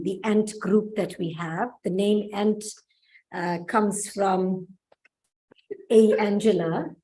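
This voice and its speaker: A woman's voice: mid-range voice, dark tone, rough recording. A South African woman giving a conference presentation as a provincial coordinator, earnest, asking the audience rhetorical questions.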